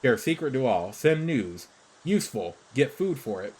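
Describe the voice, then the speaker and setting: A man's voice: medium pitch, very animated, moderate pace, a little mellow, slightly rough, poor audio. A man voicing a shrewd, talkative male creature who wanders a fantasy game world, speaking in broken, clipped phrases. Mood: matter-of-fact. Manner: broken, clipped pidgin speech.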